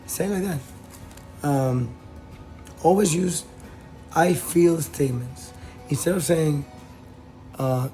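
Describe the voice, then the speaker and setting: A man giving casual relationship advice, talking in a halting way with many fillers and restarts. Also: a little high, mellow, faint music behind, poor audio. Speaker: advice host.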